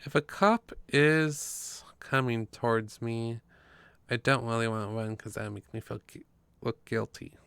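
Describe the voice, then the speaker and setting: A man's voice: mid-range voice, fairly even intonation, unhurried, gravelly, fairly bright tone, smooth, dry recording. A man reading a story game's text aloud in a casual way, with his own asides between passages. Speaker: game player narrating.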